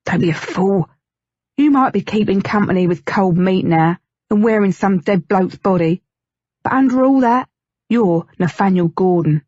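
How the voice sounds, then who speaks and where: A woman's voice: mid-range voice, expressive, normal speed, a little mellow, husky, no echo, dull audio. A woman voicing a blunt, teasing, motherly woman who calls the hero "lad", in an audiobook reading. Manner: tart, mocking, calls him lad.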